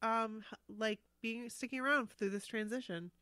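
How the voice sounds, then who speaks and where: A woman's voice: on the high side, steady tone, moderate pace, sharp tone, clear, resonant tone, no room sound. A woman podcast host closing an episode, eagerly thanking her listeners. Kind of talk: casual podcast sign-off.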